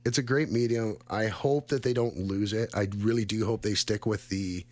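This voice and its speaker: A man's voice: fairly low pitch, normal speed, a little mellow. A man in his thirties co-hosting a radio show, chatting casually in a rambling, friendly way and laughing often. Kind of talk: casual chat.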